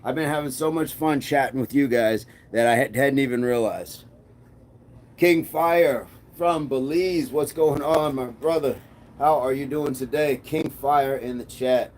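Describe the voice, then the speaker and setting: A man hosts a relaxed workout stream, answering his viewers' comments one after another. His voice is mellow and warm, sitting at a mid pitch, and he speaks in easy, encouraging chat. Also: normal speed. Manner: reads viewer comments aloud and answers them warmly; encouraging and upbeat. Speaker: fitness livestream host. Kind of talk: casual live chat while working out.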